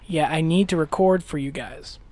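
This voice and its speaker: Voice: mid-range voice, moderate pace, a little mellow. A gaming channel host with a slight lisp gives casual, rambling gameplay commentary, full of hesitations and restarts, and has a dry mouth.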